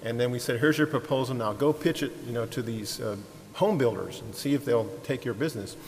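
A man telling a ministry story to a congregation, animated, acting out the people he quotes, with frequent restarts and repeated words. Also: mid-range voice, fairly quick. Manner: animated, acts out quoted voices, laughs easily. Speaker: ministry leader. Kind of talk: sermon-style storytelling. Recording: long hall reverb, faint hiss.

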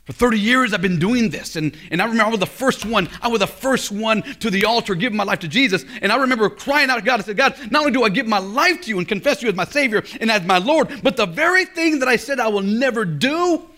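High, bright animated preacher man. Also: fast, few pauses. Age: middle-aged. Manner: animated storytelling preacher, swings from loud to hushed. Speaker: pastor. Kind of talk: sermon. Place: college chapel service.

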